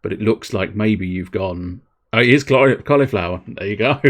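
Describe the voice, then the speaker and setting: A man's voice: lowish voice, moderate pace, hardly any pauses, fairly bright tone. A man in his thirties chatting casually with viewers while streaming a game, rambling and joking with plenty of swearing. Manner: rambling, jokey, sweary, talking to chat. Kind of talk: casual live-stream chat while gaming.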